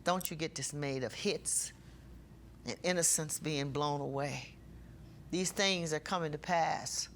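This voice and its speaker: A woman preaching a sermon with passion, slowing down and getting louder when she reads scripture. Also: low-pitched, slight background noise.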